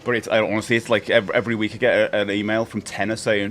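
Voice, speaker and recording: A man's voice: on the low side, level tone, fast, fairly bright tone, faint music behind. A man chatting casually on a live game stream, jokey and talkative as he greets his chat by name. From England.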